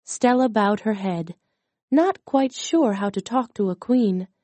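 Slow, mellow woman reading a storybook. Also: medium pitch, animated, dry recording. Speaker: audiobook narrator. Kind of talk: scripted storybook narration.

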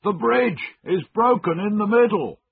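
A man voicing a frantic man who shouts a warning from a bridge, with a husky voice in a tinny recording. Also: sits high, animated, moderate pace, pitched above the performer's own voice, full character voice. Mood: alarmed. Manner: urgent, calling out loudly. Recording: tinny narrow-band recording.

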